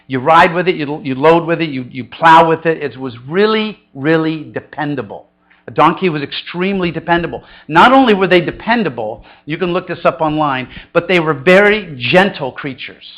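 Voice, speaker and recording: Middle-aged pastor, chatty sermon. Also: male voice, lively intonation, moderate pace, a bit bright, dull audio. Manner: storytelling, conversational and humorous; acts out quoted voices with big pitch jumps.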